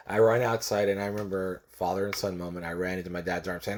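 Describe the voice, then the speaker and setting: A man's voice: lowish voice, fairly even intonation, rapid-fire, hardly any pauses. A man in his forties from California telling a personal story in a casual way, repeating phrases and acting out the people he quotes. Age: 40s.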